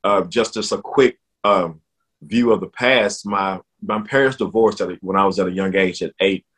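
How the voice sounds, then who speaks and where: A man sharing his personal faith testimony in an interview, speaking earnestly with halting restarts that grow more emotional. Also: low voice, fairly bright tone.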